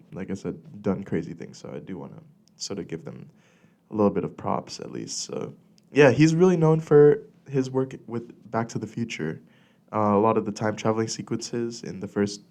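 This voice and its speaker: A young man from California hosting a casual solo podcast, rambling with lots of fillers and restarts, a little congested and clearing his throat. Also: fairly low pitch. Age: young adult. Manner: rambling, filler-heavy with many likes and restarts. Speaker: podcast host. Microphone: studio podcast mic.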